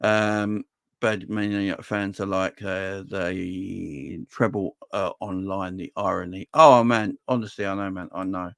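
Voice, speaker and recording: Fan-channel host, casual comment-reading chat, dry close sound, voice leaps up when riled. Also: male voice, measured pace, vocal fry, smooth, dry recording. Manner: animated, voice jumps high when ranting.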